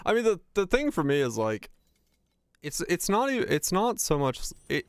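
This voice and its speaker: A man's voice: a little high, big pitch swings, moderate pace, clean tone, no room sound. A young man streams casually while he plays. He rambles and swears freely, often tripping over his words and starting sentences again. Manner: rambling and profane, with frequent stammered restarts. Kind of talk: casual chat while gaming, reading chat.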